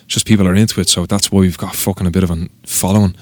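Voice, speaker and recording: Irish male tattoo artist, low voice, casual and sweary, dry recording. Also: rapid-fire, no echo. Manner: swears freely, rambling and animated. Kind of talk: casual podcast interview storytelling.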